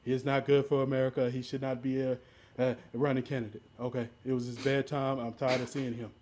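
A man's voice: medium pitch, flat delivery, a little fast, a little mellow, a little hiss or hum, natural voice. A man doing a comedic impression of a blustering, boastful older male president, repeating himself insistently. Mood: scolding. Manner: repetitive, insistent, bragging. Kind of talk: comedic impression in casual chat.

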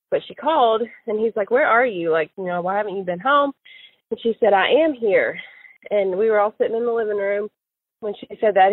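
A woman's voice: mid-range voice, no room sound. Hesitant woman on a tinny line. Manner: hesitant, many fillers and restarts. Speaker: interviewee recalling events. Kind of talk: casual recorded interview. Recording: tinny phone-line sound, dry.

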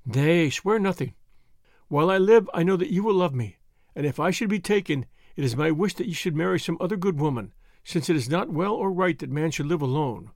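A man's voice: fairly high pitch, expressive, fairly quick, gravelly, darkish tone, no room sound. Young woman pledging loyalty, earnest and solemn, read by a man, dry booth sound. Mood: tender. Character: devoted young woman, tender and resolute.

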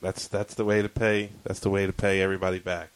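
Low-voiced man chiming in casually. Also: flat delivery, fast, clean tone, no echo, rough recording. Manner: laid-back, chiming in with agreement. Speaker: podcast co-host. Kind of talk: casual chat.

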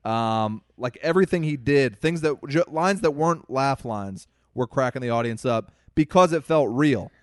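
A man in casual podcast chat with a smooth, resonant voice, recorded close and dry. He tells stories at length, swears freely and turns to the listeners as folks. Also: mid-range voice, lively intonation, normal speed, hardly any pauses, dry recording. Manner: profane, storytelling, addresses listeners as folks. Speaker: podcast co-host.

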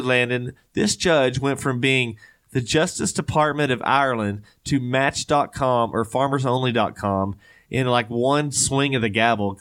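A podcast co-host reads odd news stories aloud in a loose, casual chat. His mid-pitched voice is a bit bright, and he frequently breaks off for joking, rambling asides and laughter.

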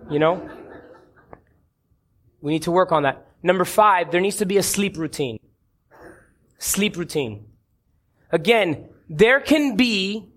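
A man preaching a sermon to a congregation in an animated way, asking the room questions and acting out quoted voices. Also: sits high. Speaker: pastor.

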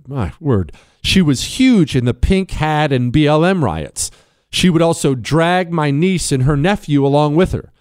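A fiery male radio host on a dry studio mic, voice pitched high and swinging wildly as he preaches. He reads listener emails, then launches into combative rants, mocking imagined callers with put-on voices. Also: a little mellow, clear, resonant tone, no room sound. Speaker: radio talk show host. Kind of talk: talk radio monologue reading listener emails.

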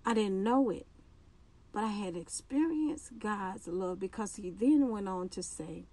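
A woman shares a personal faith testimony on her own podcast. She talks slowly and earnestly, pausing, restarting sentences and repeating phrases. Her pitch sits in a middle range. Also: animated, warm tone. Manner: earnest, halting, with restarts and repetitions. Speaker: podcast host.

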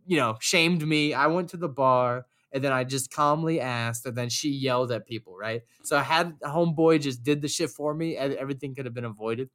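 Animated profane young man telling a story. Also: medium pitch, a little fast, few pauses. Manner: animated, profane, acts out quoted voices. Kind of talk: casual storytelling chat.

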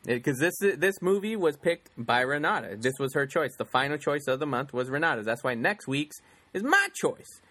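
A man's voice: fairly high pitch, animated, normal speed, sharp tone, no room sound. Rambling man, dry close sound. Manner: rambling, hesitant, many fillers. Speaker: podcast co-host. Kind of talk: casual chat about music and movies.

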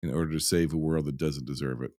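A man's voice: very deep voice, fairly even intonation, quick pace, darkish tone, no room sound, studio quality. A man hosting a film review podcast in casual chat, with a profane, ranting, sardonic way of talking. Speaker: podcast host reviewing films.

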